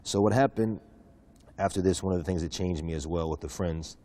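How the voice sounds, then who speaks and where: A man from the United States telling a personal story in a relaxed, chatty interview, with many asides and restarts. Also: deep voice, brisk. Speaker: guest preacher telling his conversion story.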